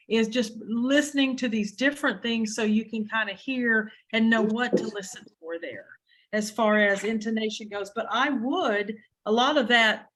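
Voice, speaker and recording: A woman with a slightly high voice leads a training session over a video call. She explains in a loose, conversational way, circling back and restarting her sentences as she works through a point. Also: a bit bright. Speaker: adjudication trainer.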